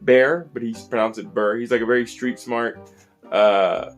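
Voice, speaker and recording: A man hosting a casual tour of his puppet collection, in a chatty, animated way. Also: medium pitch, normal speed, soft background music. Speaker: puppet collector and channel host.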